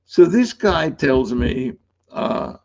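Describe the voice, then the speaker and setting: Gravelly husky older man telling stories. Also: on the high side, big pitch swings, slow, darkish tone, muffled recording. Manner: rambling anecdotal, laughs often. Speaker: author guest. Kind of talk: casual interview storytelling.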